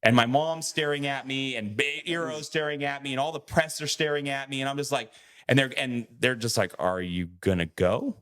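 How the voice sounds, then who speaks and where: A man's voice: medium pitch, moderate pace, fairly bright tone. A man co-hosting a podcast, telling a story in a casual way, acting out quoted lines and swearing freely. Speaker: podcast co-host.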